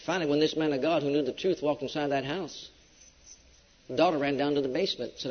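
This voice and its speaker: High-voiced preacher man in a reverberant hall. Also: fast, husky. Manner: emphatic, swings between loud preaching and hushed storytelling. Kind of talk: sermon. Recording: dull lo-fi recording with long hall reverb.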